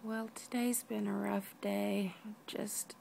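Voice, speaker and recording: A weak, out-of-breath woman lying down at home, talking softly in a personal video diary and often dropping to a whisper. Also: medium pitch, level tone, slow, gravelly, a little hiss or hum. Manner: tired, soft-spoken, often drops to a whisper. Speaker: vlogger.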